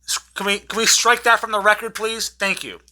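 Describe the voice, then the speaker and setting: A vlogger in an angry, profanity-heavy rant, repeating words when worked up, with a voice going hoarse. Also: mid-range voice, steady tone, fairly quick, pushed and bright. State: losing their voice. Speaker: vlogger recapping a trial.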